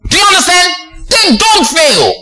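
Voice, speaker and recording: A man preaching a sermon, exuberant, often laughing and shouting praise and calling out to the congregation. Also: very high voice, huge pitch swings, moderate pace, loud music behind the voice.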